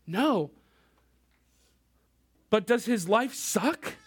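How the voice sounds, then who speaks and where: A man's voice: high-pitched, expressive, drawn-out words, breathy edge. A man in his thirties preaching a casual, conversational sermon as a youth pastor, addressing the crowd directly.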